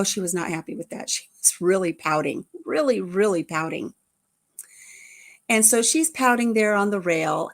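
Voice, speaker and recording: Chatty grandmotherly woman storyteller. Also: mid-range voice. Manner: chatty storyteller with frequent restarts. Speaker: vlogger telling a family story. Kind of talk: casual chat.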